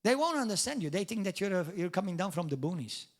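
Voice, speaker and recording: Male pastor, middle-aged, high-pitched and emphatic, preaching with humor. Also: big pitch swings, fast talker. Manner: emphatic preaching with wide swings in loudness and pitch; jokey asides and mock quotes of doubters. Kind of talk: sermon.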